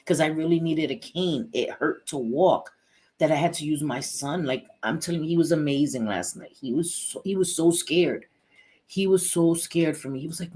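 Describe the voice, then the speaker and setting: A woman's voice: sits low, moderate pace, darkish tone, slightly rough. A middle-aged woman hosting a casual livestream, chatting bluntly, swearing freely and greeting viewers by name. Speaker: livestream host.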